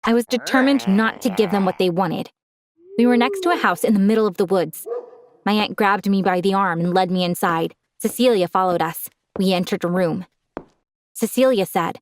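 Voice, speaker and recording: A woman's voice: mid-range voice, normal speed, a little hiss or hum. A young woman telling a dramatic first-person story, gasping now and then for effect.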